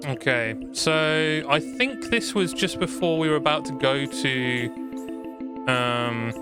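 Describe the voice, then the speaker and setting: A man's voice: fairly high pitch, animated, unhurried. A man chatting loosely as he streams a game, rambling and self-deprecating. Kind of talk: gaming stream commentary. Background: game music.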